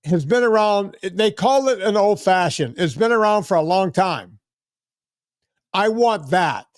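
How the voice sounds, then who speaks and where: A man's voice: high-pitched, expressive, unhurried, dry recording, studio quality. A middle-aged man hosting a podcast, telling stories in a blunt, chatty way and often repeating words as he starts a sentence. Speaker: podcast host. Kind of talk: casual chat.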